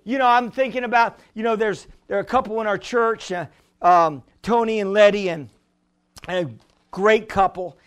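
High-voiced preaching man. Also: normal speed, smooth. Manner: repetitive, rising to shouts at the congregation; conversational, tells anecdotes with chuckles. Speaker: pastor. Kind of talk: sermon.

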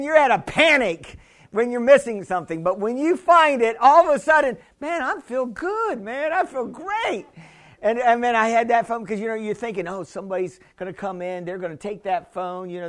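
A man's voice: very high-pitched, a bit bright. A man preaching a sermon in a chatty way, laughing often and calling out to the congregation. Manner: chatty, laughing, calls and responses. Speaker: pastor.

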